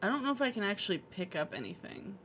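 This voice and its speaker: A woman's voice: mid-range voice, sing-song, quick pace, a bit bright, a little hiss or hum. A woman streamer giving playful, chatty commentary while playing a game. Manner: playful, laughing, chatty reactions. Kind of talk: casual gameplay commentary.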